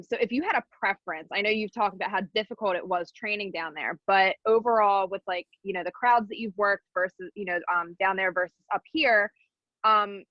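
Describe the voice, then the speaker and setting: A woman's voice: mid-range voice, no echo, lo-fi sound. A woman co-hosting a podcast who asks a guest a long, polite question. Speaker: podcast co-host. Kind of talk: interview question.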